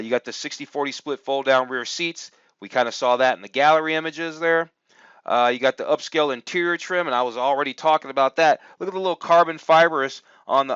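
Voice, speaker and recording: This car review host, a man with a medium pitch and a somewhat bright, clear, resonant tone, talks through a screen-share review in a chatty, upbeat way, thinking out loud with many "uh"s. There's no room sound, and the home mic is dry and dull-sounding.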